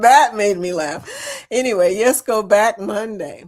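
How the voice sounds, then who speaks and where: Her voice is mid-range and darkish, very animated yet unhurried. As host of a casual livestream, she chats and giggles her way through viewer comments, greeting the audience as y'all.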